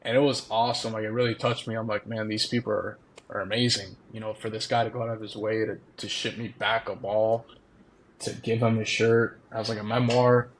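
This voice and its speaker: Young man, podcast guest, animated anecdotes, frequent laughs, faint background noise. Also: fairly low pitch, brisk. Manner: animated, laughing often, acts out quotes. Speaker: podcast guest, former college baseball player. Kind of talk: casual storytelling.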